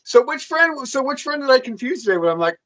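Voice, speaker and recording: A man's voice: extremely high pitch, big pitch swings, quick pace, a bit bright, low-quality recording. A man with a Southern US accent hosting a livestream, joking and teasing his co-host in casual chat.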